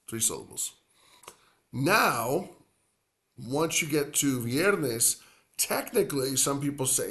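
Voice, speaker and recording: A man teaching a casual language lesson. He talks in a chatty way, wanders off on tangents, and slows down when he says words slowly and clearly. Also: mid-range voice, a bit bright. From United States. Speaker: Spanish teacher.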